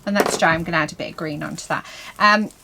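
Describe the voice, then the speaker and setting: Speaking quickly in a low voice with background noise behind her, a woman paints a craft project at a table indoors. This crafting vlogger chats to herself and her audience, her talk full of "so yeah" and "um."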